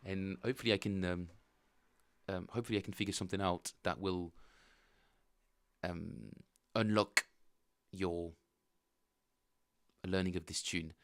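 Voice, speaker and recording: A man chatting casually with viewers while streaming his bass practice, rambling and thinking aloud. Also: fairly even intonation, a little slow, pauses often, slight background noise. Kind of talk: casual livestream chat.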